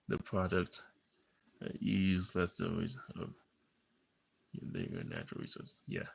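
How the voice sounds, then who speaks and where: A man with a deep, gravelly voice that sits low and rough in the throat. He drawls unhurriedly through a loose, half-read monologue, slipping into teasing asides and repeating words as his attention wanders. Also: sing-song, unhurried, long pauses, poor audio. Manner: distracted, restarting and repeating himself with loose laughter; playful, teasing asides to himself. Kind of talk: casual rambling monologue, half reading a script.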